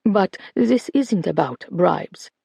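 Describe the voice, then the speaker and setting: Narrator doing a calm determined woman, measured, quiet, gravelly, dry. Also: medium pitch, no room sound, heavily acted. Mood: calm, probing. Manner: measured, controlled. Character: calm, determined woman, former jewel thief.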